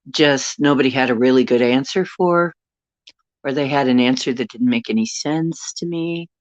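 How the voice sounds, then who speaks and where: A woman's voice: a bass voice, no room sound, muffled recording. A middle-aged woman telling a rambling personal story to a live chat, stopping now and then to greet viewers. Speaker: paranormal livestream host.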